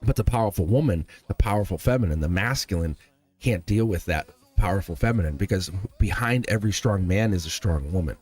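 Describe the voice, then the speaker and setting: A man with a fairly low voice gives a live tarot reading, talking earnestly and with emphasis straight to his viewer. Soft music plays faintly behind him. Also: expressive, a little fast, breathy edge. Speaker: tarot reader.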